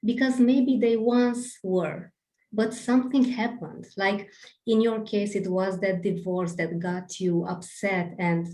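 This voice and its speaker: Woman hosting a zoom show, talks super slow, echoey room. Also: medium pitch, dark tone. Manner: slow, affirming, admiring of her guest. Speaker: host. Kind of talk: interview host on a live video call. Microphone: video call. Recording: roomy video call sound.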